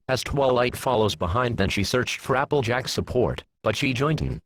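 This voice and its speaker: Husky-voiced man reading a fan story. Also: mid-range voice, lively intonation, normal speed, hardly any pauses, a bit bright, no echo, poor audio. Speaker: fan fiction reader. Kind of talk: reading a fan story aloud, voicing characters.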